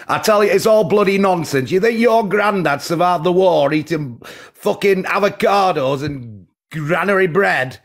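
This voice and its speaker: A Yorkshire man phoning in, gruff and blustering, swearing and making threats. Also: high voice, normal speed. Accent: Yorkshire English. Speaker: caller.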